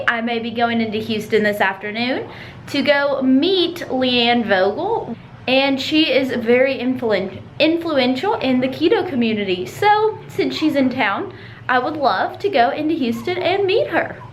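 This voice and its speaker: A woman's voice: high voice, animated, measured pace, slight background noise. A young woman, chatting bubbly and directly to her viewers in a casual vlog. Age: young adult. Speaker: vlogger.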